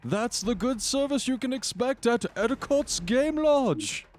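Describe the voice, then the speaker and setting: A man's voice: very high voice, lively intonation, measured pace, voice pushed up. A man voicing a boastful colonel who runs a hunting lodge, with a salesman's self-promoting patter.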